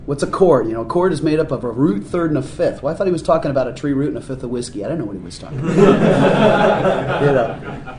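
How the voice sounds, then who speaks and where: A man's voice: fairly high pitch, a little hiss or hum. Chatty male musician in a roomy space. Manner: animated storyteller, laughs often. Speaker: musician guest. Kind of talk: casual interview talk. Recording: roomy echoey room sound.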